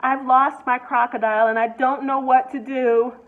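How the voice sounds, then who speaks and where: A woman's voice: high voice, little pitch movement, moderate pace, voice pushed up, natural voice. A woman voicing an anxious middle-aged woman who is frantically searching for her lost crocodile, in a storybook reading. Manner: anxious, pleading. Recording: tinny phone-like sound.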